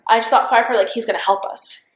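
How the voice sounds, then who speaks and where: Young woman, twenties, slightly high voice, hesitant, lots of fillers, police interview, roomy echo. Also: steady tone, a little hiss or hum. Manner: halting, full of "like" and restarts, unsure. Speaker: interviewee recounting events. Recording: roomy interview room recording.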